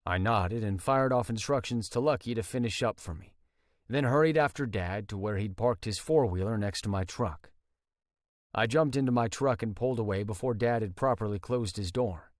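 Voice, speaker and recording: A man's voice: lowish voice, normal speed, dry recording, studio quality. A man narrating a romance audiobook in first person, tense and intense.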